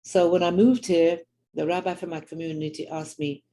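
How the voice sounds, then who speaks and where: A woman's voice: fairly low pitch, fairly even intonation, moderate pace, dark tone, poor audio. An older woman with a London accent telling personal stories earnestly, acting out the people she quotes. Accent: London English. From grew up in London. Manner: earnest storyteller who acts out quoted people. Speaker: Jewish women's teacher and speaker. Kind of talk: personal storytelling talk.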